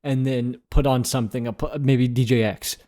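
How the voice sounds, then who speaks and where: A man's voice: mid-range voice, fairly even intonation, moderate pace, background noise. A young man co-hosting a podcast, chatting casually and rambling a bit with hesitant restarts. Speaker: podcast co-host. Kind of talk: casual banter.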